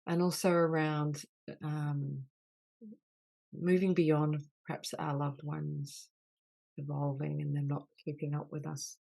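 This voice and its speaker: A woman guides a healing session on an online group call, repeating gentle phrases. Her voice sits low with a gravelly fry, and she speaks in an unhurried, soothing way. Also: little pitch movement. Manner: slow, soothing, repetitive apology phrases. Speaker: soul mentor leading a healing call.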